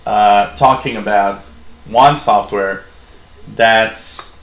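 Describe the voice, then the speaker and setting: Slow, rambling man in an echoey room. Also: on the low side, fairly even intonation, fairly bright tone. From Canada. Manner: rambling, many fillers and restarts. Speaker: shortwave radio show host. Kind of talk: live-streamed hobby radio talk.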